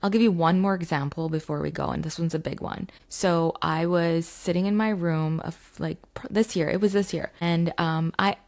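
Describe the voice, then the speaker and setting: A woman's voice: on the low side, steady tone, moderate pace, few pauses, darkish tone. A woman, a mindset coach, telling a story to camera in a chatty way with many fillers. She is recording in her home basement.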